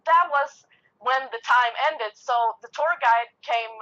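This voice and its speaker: A woman's voice: fairly high pitch, unhurried, pushed and bright. A woman guest, a medium and empath, telling a personal story casually over the phone and laughing often. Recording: lo-fi phone line.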